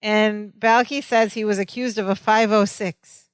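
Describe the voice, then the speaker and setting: A woman's voice: medium pitch, fairly even intonation, unhurried, clean tone, dry recording. A woman co-hosting a podcast, chatting casually as she retells a sitcom episode and quotes the characters with animation. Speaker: podcast co-host. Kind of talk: casual chat recapping a sitcom.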